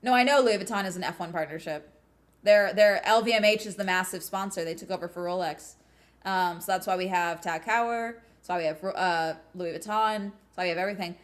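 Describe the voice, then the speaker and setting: A woman hosting a live watch-along, chatting casually and breaking into excited cheers and laughter. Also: fairly low pitch, a little fast. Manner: swears casually.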